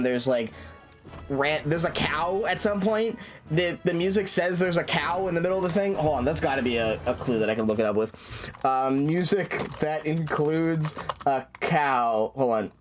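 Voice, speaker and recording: A man's voice: a little high, moderate pace, over music. A man streaming a game, chatting casually and rambling with lots of fillers, restarts and swearing.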